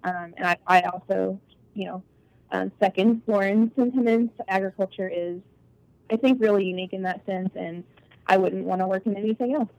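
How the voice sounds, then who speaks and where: A woman's voice: medium pitch, normal speed, vocal fry, darkish tone, no echo, rough recording. A woman guest in a casual podcast chat, speaking earnestly and thoughtfully with fillers. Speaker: guest, agriculture academic.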